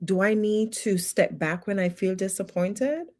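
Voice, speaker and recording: A woman's voice: mid-range voice, measured pace, a little mellow. Emphatic woman teaching personal growth. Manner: emphatic, full of rhetorical questions; faith-based encouragement. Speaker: personal development educator. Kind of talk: livestream teaching talk.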